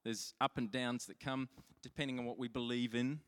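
A man's voice: medium pitch, fairly even intonation, normal speed, fairly bright tone, clean tone. A man preaching a sermon as pastor, telling stories in a chatty, self-mocking way with frequent restarts. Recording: long hall reverb.

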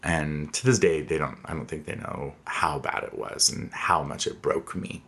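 A man's voice: very deep voice, normal speed, fairly bright tone. A man in his thirties telling a personal story candidly and reflectively, with frequent fillers. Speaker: interviewee.

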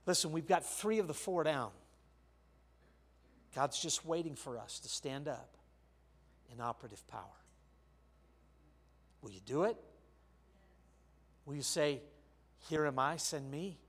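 An older male pastor preaching a sermon, telling a personal story with sharp shifts between quiet and loud. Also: fairly high pitch. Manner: storytelling, with big swings of loudness.

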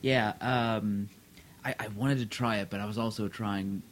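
A man's voice: lowish voice, fairly even intonation. A man in a casual group chat, joking at his own expense and often restarting his sentences. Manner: joking, self-mocking, halting restarts.

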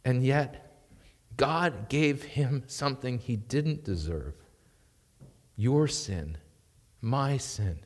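A man preaching a sermon as pastor, emphatic and swinging between loud and quiet. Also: mid-range voice, lively intonation, very slow, long pauses, big-room sound. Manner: emphatic preaching with rising and falling intensity. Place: church.

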